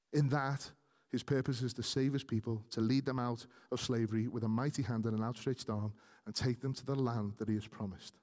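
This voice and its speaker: A man's voice: medium pitch, darkish tone, long reverb tail. A man preaching a sermon earnestly, speaking directly to his congregation and rising to emphatic peaks.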